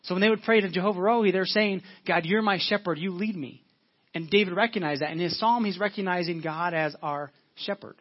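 A man preaching a sermon as pastor, earnest, repeating phrases for emphasis and slowing down when reading scripture. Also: high-pitched, highs cut off.

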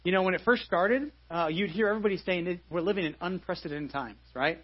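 A man's voice: high-pitched, quick pace, slightly rough, dull audio. A pastor in his forties giving a live sermon in a church, conversational, with many restarts and repeated phrases. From United States.

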